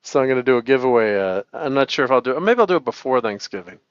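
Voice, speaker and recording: A man's voice: mid-range voice, lively intonation, rapid-fire, clean tone. A middle-aged man chats loosely on a home live stream and breaks into chuckles over and over. The sound is dry and a little dull, with no room echo. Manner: chuckling, rambling, lots of laughter. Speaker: host. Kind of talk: casual live-stream chat.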